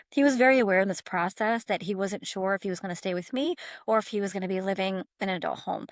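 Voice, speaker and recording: A woman's voice: medium pitch, no room sound, clean studio sound. A young adult woman, a guest on an interview show, telling stories about her family in an earnest way, often repeating her words and laughing. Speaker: guest, caregiver sister. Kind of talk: interview storytelling.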